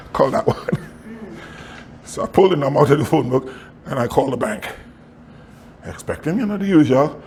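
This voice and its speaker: A middle-aged man pastor preaching a storytelling sermon with big leaps in pitch and chuckles as he talks. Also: fast, long pauses, slight background noise. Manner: animated preaching with sudden high pitch swings; chuckles while telling stories.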